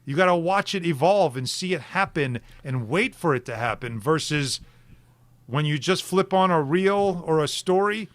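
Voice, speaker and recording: A man co-hosting sports talk radio, animated and fond of rhetorical questions. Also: fairly high pitch, normal speed, dry recording.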